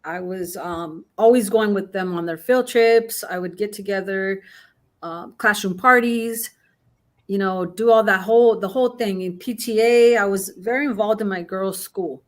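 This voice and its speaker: A woman's voice: medium pitch, normal speed. A middle-aged woman guest in casual chat, telling a long story with many restarts and fillers. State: has the hiccups.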